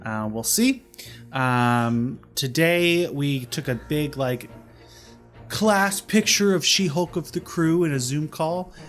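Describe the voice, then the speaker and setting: A man's voice: on the high side, slow, a bit bright, soft background music. A young man co-hosting a podcast, chatting casually and teasing, with lots of fillers. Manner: joking, teasing, full of fillers. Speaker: podcast co-host. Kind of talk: casual chat.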